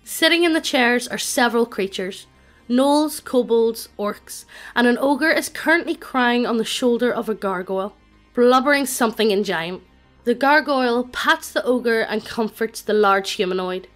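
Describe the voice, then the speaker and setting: Synthetic woman narrator, slightly high. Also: moderate pace, faint music behind. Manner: flat, evenly paced computer reading. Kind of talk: synthetic text-to-speech narration.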